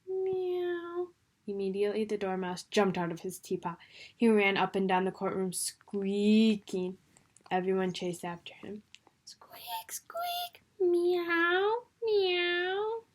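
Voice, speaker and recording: A woman reading a children's storybook aloud in a lively, expressive way. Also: mid-range voice, normal speed. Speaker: reader.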